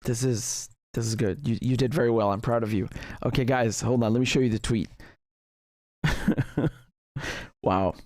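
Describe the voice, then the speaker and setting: A man hosting a casual livestream, reading viewer messages aloud with lively, restarting speech. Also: medium pitch, normal speed, pauses often, no room sound, clean studio sound. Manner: animated, frequent restarts and laughter. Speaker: livestream host reading super chats.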